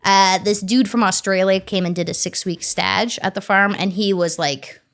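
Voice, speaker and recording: A woman in her thirties, a farmer talking as an interview guest in an animated, chatty way, swearing casually and acting out bits of dialogue. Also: medium pitch, moderate pace. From Ontario, Canada.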